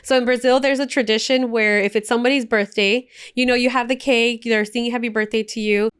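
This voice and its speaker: A woman's voice: on the high side, steady tone, a little fast, clean tone. A woman co-hosting a podcast, telling stories in a chatty, emotional way and slipping in Spanish phrases. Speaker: podcast co-host. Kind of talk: casual podcast chat.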